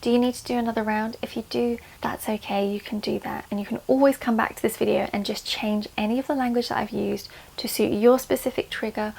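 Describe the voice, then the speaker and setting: A woman, a tapping coach, guiding listeners through calm, repeated affirmations. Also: a little high, brisk, vocal fry, few pauses, low-quality recording. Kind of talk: guided tapping instruction.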